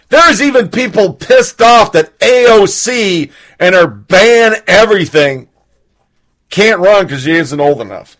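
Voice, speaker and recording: Male host, a little high-pitched, profane and heated. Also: lively intonation, measured pace, fairly bright tone. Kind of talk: casual political rant.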